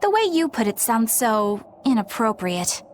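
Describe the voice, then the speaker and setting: A woman's voice: on the high side, very animated, a little slow, a little hiss or hum. An actress voicing an earnest, proper young woman in a video game, speaking politely and a bit primly. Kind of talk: game voice acting.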